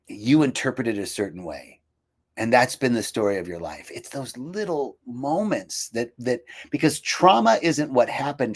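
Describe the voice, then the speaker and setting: Reflective man sharing personal stories. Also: medium pitch. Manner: reflective, personal storytelling with frequent fillers and restarts; quotes himself and others in lively voices. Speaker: speaker for a healing retreat. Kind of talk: casual live talk.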